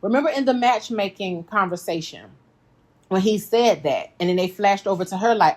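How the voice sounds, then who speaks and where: A woman hosting a casual reaction recap, talking straight to her viewers, animated and laughing often. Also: medium pitch, normal speed. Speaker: reality TV recap host.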